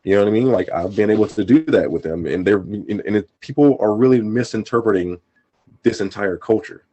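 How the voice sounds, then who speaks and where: Man, low voice, earnest, rambling, casual podcast talk. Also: a little fast, warm tone, breathy edge, dull audio.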